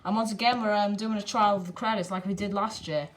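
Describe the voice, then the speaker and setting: A woman's voice: medium pitch, steady tone, fast talker. A young woman, hosting her own channel in a casual, rambling, cheeky way, full of fillers, talking to camera from a living room. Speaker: channel host. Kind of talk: casual live commentary. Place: indoor living room by a window. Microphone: handheld camera. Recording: noisy home camera audio with clicks.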